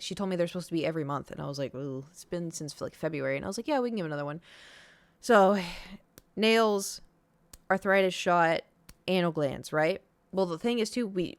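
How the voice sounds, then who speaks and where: Woman streamer rambling a story to chat, fillers everywhere, smooth voice, lowish, dry mic. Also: no echo. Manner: rambling, lots of "like" and "um", acts out quoted voices.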